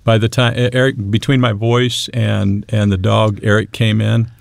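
Low-voiced man telling an earnest story. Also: flat delivery, creaky, dry recording. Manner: earnest, halting, with light humor. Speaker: guest telling his story. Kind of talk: personal testimony storytelling.

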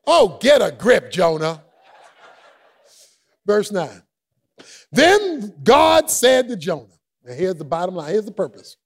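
A man preaches with humor and loose, everyday grammar. His voice sits high and swings widely in pitch. He bursts into shouts, then drops almost to a murmur. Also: very animated, unhurried, pauses often. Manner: casual vernacular grammar. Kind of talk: sermon.

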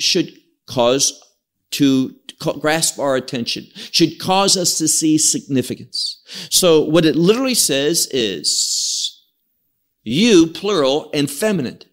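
A man leads an evening Bible study at an unhurried pace. His voice sits a little high and rises and falls with a lot of movement. He reads the verses aloud, sounds out Hebrew words and often restarts a phrase before going on. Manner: slow, lively teaching with frequent restarts and Hebrew readings. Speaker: Bible teacher.

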